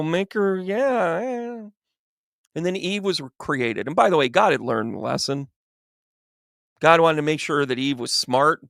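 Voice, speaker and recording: A man's voice: medium pitch, creaky, a bit bright, no echo, clean studio sound. A man, a spiritual medium, telling a comic, irreverent retelling with rambling restarts. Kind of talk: comic storytelling talk.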